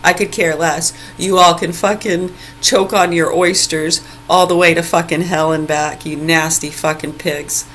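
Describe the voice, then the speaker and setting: A woman's voice: lowish voice, fairly even intonation, unhurried, few pauses, fairly bright tone, a little hiss or hum, rough recording. A woman ranting into her phone in an angry, profane and sarcastic way, mocking people with bursts of laughter. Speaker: vlogger. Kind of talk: ranting vlog monologue. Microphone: phone video recording.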